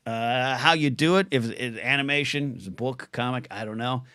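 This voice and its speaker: A man's voice: medium pitch, normal speed, pushed and bright, smooth, dry recording, clean studio sound. A middle-aged man hosting a solo livestream podcast, rambling through chat questions with lots of restarts.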